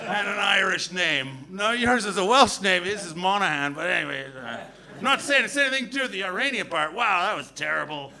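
A man's voice: high voice, big pitch swings, brisk, crowd noise. A man from Canada doing a rambling, sweary, self-mocking live stand-up set on a comedy club stage, recorded on a handheld mic.

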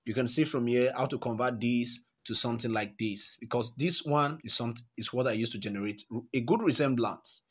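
A man's voice: mid-range voice, moderate pace, few pauses, breathy edge. A man hosting a screen-recorded app tutorial, chatty and encouraging, often repeating words as he walks through each step. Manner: encouraging, gives life advice. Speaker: tutorial host.

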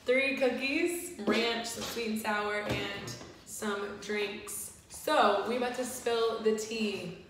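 A woman's voice: mid-range voice, fairly even intonation, slow pace, fairly bright tone, soft background music. A woman hosting a casual eating video, chatting to her friends and to viewers, with lots of "like" as filler. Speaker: YouTuber hosting a mukbang. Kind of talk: casual chat while eating. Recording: echoey room, distant mic, faint noise.

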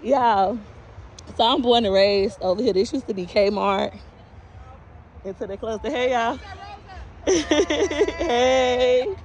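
A woman's voice: on the high side, slow, pauses often, a little mellow, a faint crowd, a little hiss or hum. A woman from Tampa, Florida, chatting casually into a phone camera while walking outdoors past a long gas line, a bit out of breath and greeting passersby. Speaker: vlogger. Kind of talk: casual walking vlog reporting.

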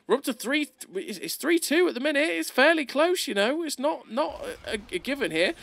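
A man doing excitable, playful gameplay commentary over a video, laughing often, recorded close on a desk mic. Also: high voice, no room sound.

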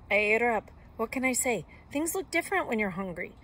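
Give me a woman teacher reading a children's story aloud with lively expression. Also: on the high side, fairly quick, hardly any pauses, slight background noise. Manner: expressive, with soft whispered asides.

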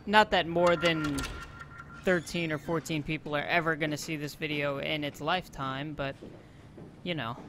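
Brief: a joking, self-deprecating male gamer, slightly high voice, noise underneath. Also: steady tone, normal speed. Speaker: let's play host. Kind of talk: casual gameplay commentary.

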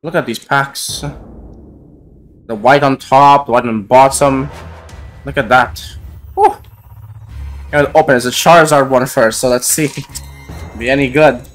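Brief: young-sounding man, casual card-opening vlog, slow drawn-out delivery, rambling with lots of "like", faint music underneath. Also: medium pitch, fairly even intonation. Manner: rambling, many "like" fillers, naming cards aloud. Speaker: YouTuber opening trading cards.

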